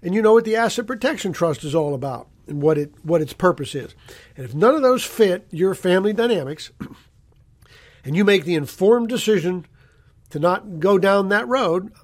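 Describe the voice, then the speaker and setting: A man's voice: high-pitched, animated, normal speed. A man hosting a local radio talk show as an estate lawyer, folksy and conversational, repeating points for emphasis.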